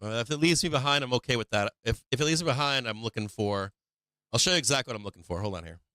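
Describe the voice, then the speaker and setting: A man chats on a stock market livestream, cursing freely and breaking into laughter as he jokes with his chat. His voice is bright and clear. The close mic gives a dry, intimate sound. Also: medium pitch, quick pace, dry recording. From Massachusetts. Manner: profane, laughs often, joking with chat.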